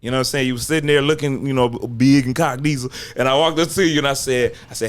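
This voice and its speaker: Man, live-stream host, casual storytelling, acts out quotes, mid pitch. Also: quick pace, hardly any pauses. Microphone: video call.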